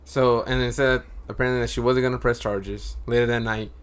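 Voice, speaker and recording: Relaxed man retelling news on a podcast. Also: mid-range voice, a little fast, clear, resonant tone. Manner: relaxed storyteller, chuckles often. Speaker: podcast regular. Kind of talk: casual chat.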